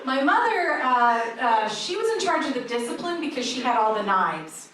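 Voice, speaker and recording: A woman comedian doing a stand-up set in a comedy club, with a deadpan, dry delivery of dark jokes. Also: high-pitched, normal speed, a crowd in the background. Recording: echoey club audio from far off, audience noise.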